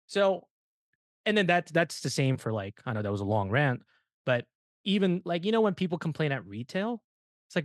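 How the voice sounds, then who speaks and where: A man's voice: a little high, sing-song, moderate pace, no room sound. Young male guest, ranting storyteller, profane and laughing; dead-dry mic. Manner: profane, ranting, laughs while telling stories. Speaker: podcast guest. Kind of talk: casual storytelling.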